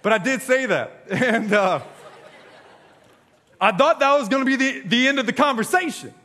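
A man in his thirties telling a stand-up story, overdramatic, swinging from loud outbursts to hushed mock-solemn asides. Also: very high voice, normal speed, big-room sound. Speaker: stand-up comedian.

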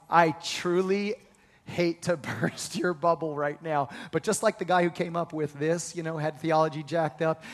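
A male pastor preaching a sermon with energetic rhetorical questions and call-and-response with the congregation. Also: a little high. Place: church hall. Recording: reverberant hall.

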